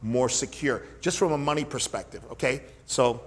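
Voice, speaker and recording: In an energetic teaching monologue, a middle-aged man who coaches fitness and hosts a podcast speaks with a medium-pitched voice at a moderate pace. His style is emphatic, built on repetition and rhetorical questions.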